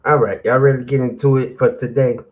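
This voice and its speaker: A middle-aged man hosts a motivational morning show, speaking. He talks in a preachy, call-and-response way at a middle pitch. Faint ambient noise sits behind his voice. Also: level tone, fast. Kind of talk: motivational radio talk.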